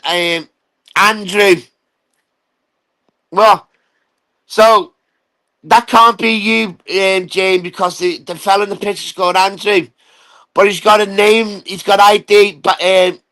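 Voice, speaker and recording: A man with a fairly high, bright voice rants unscripted on a live stream, calling out and mocking someone who is not there. His comes through as he swears, repeats himself and takes his time. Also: clean tone, poor audio. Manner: taunting, profane and rambling. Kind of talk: ranting casual live stream.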